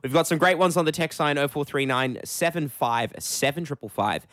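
A man's voice: fairly high pitch, animated, normal speed, a bit bright, dry recording. A man hosting breakfast radio, chatty and upbeat, on a studio microphone. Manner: chatty, upbeat, laughs easily. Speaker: radio host.

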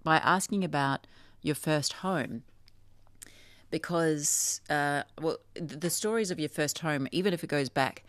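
Gravelly South Australian woman radio host. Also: deep voice, no room sound. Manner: chatty, reads messages aloud with hesitations. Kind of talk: radio talk show reading listener texts. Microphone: studio microphone.

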